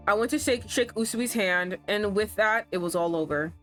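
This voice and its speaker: A woman's voice: medium pitch, moderate pace, hardly any pauses, fairly bright tone, faint music behind. A young woman streaming a game, chatting casually, swearing freely and reading the story text aloud. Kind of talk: casual gameplay commentary.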